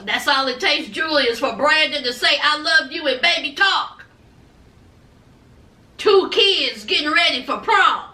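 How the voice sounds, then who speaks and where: A woman recaps reality TV in a sassy, chatty gossip style, tossing in honey and child all the time. Her voice is very high and piercingly bright. She sits a bit back from the mic in an echoey room. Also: measured pace, pauses often, recorded from a distance. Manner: sassy and animated, calls viewers honey and child.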